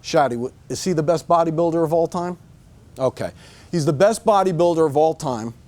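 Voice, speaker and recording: Middle-aged man, bright high voice, motivational staff talk, emphatic and repetitive. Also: fairly quick. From United States. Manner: emphatic, repeats "okay?" to drive points home. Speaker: marketing director giving a staff talk. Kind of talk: motivational speech. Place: room with a staff audience.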